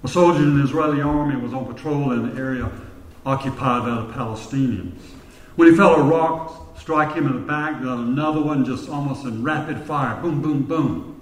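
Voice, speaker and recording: A male pastor preaching a sermon, telling stories and slowing down to stress his points. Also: medium pitch. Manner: storytelling preacher, slowing for emphasis. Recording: echoey church hall with long reverb.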